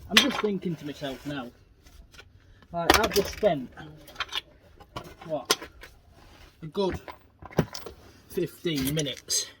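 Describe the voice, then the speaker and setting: A man's voice: a little high, animated, slow, long pauses. A man mutters and grumbles to himself as he struggles with a car repair from underneath the vehicle. His tone is self-mocking and offhand, like someone talking to no one in particular. Heavy clatter and noise fill the recording around him. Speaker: home mechanic vlogger. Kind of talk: muttering commentary while working. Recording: loud background noise, workshop clatter.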